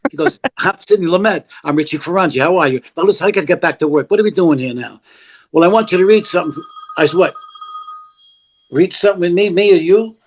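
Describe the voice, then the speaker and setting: An older man, telling a story as a podcast guest, animated and blunt, acting out the dialogue of the people in it. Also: high-pitched. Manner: animated, acts out quoted dialogue, blunt and profane. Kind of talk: casual storytelling.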